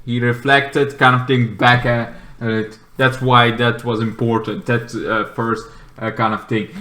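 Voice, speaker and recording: A man giving a casual movie review, rambling and excitable, with many fillers. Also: medium pitch, echoey room.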